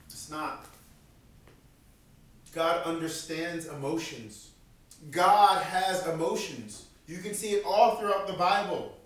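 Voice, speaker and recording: A man's voice: on the high side, takes it slowly, pauses often. A man preaching a sermon as pastor, in an earnest, conversational way, repeating key lines for emphasis. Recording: very echoey room, mic at a distance.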